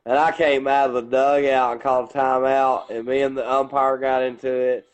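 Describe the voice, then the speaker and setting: Middle-aged Southern man, podcast co-host, loud and profane, middle pitch. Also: little pitch movement, normal speed, clear, resonant tone, dull audio. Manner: loud, profane storytelling, acting out his own coaching lines in a deep growl. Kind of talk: casual storytelling chat.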